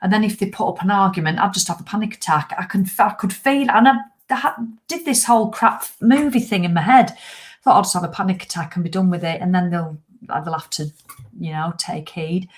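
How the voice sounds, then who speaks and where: A woman's voice: lowish voice, brisk. A woman in her fifties chatting live to viewers, rambling, self-mocking and swearing for comic effect. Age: 50s. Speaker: livestream host. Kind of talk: casual live chat to viewers.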